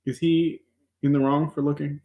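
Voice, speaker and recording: A man's voice: on the high side, flat delivery, moderate pace, lo-fi sound. A man co-hosting a podcast, chatting casually about a show he watched, laughing often and rambling with frequent restarts. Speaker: podcast co-host. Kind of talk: casual chat reviewing a show.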